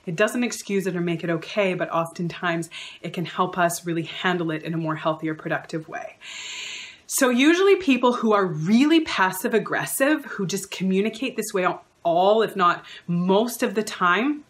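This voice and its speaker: A woman's voice: lowish voice, expressive, normal speed. Earnest woman counsellor explaining. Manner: earnest, builds long lists of repeated phrases; acts out quoted remarks in shifted voices. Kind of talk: explanatory advice talk.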